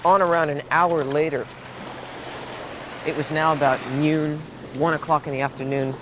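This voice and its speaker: A young man telling a story in a casual interview, lively and acting out the voices he quotes. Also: a little high, normal speed. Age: 20s. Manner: animated, laughs often, acts out quoted voices. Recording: 1970s tape with background noise.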